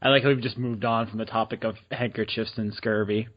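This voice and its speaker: A man's voice: fairly low pitch, steady tone, a little fast, lo-fi sound. A man co-hosting a podcast, laughing easily and answering with dry skepticism. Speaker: podcast co-host. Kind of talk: casual chat.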